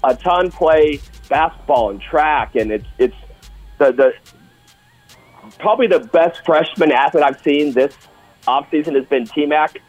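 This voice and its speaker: Husky man talking sports with gusto. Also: on the high side, a little slow, soft background music, poor audio. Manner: enthusiastic, storytelling. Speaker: co-host. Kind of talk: casual sports talk.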